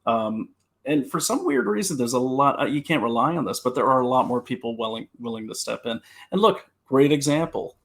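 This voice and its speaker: A man's voice: mid-range voice, fairly quick, creaky. A man working as a security consultant, telling stories and giving safety advice on a live stream, often restarting his sentences. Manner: animated storyteller, repeats words when starting. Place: home, talking to a computer.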